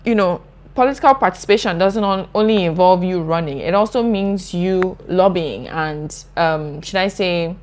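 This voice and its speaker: A woman's voice: lowish voice, moderate pace. A young woman from Nigeria, hosting her channel, reading out viewer comments and answering them in an earnest, impassioned, chatty way. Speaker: YouTuber host.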